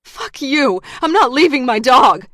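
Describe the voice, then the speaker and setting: A woman reading the lines of a frightened young woman held at gunpoint, pitched up and pleading. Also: sing-song, moderate pace, dry recording, studio quality. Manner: high, pleading, frantic. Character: terrified young woman facing her captor.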